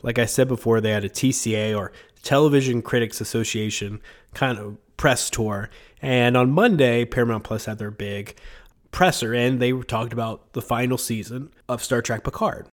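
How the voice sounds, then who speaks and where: A man's voice: medium pitch, normal speed. Sick man rambling on his podcast. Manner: rambling, chatty, many fillers and chuckles. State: sick, congested voice. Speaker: podcast host. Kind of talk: casual podcast chat.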